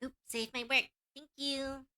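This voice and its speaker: A woman's voice: high-pitched, flat delivery, measured pace, pushed and bright. A woman streamer chatting casually to her viewers, rambling and giggling between thoughts.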